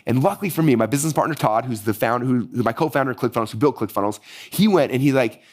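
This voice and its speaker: A man in his forties, teaching marketing through a fast, animated story and acting out the dialogue with a raised voice. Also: mid-range voice. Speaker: business coach teaching marketing. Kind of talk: energetic teaching monologue with storytelling.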